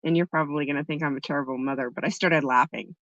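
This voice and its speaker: Chatting with her viewers, this livestream host tells a story in a relaxed, talkative way. Her voice sits low and is a bit bright, with fairly even intonation and a fast pace. The lo-fi audio sounds dull and dry, without any room sound.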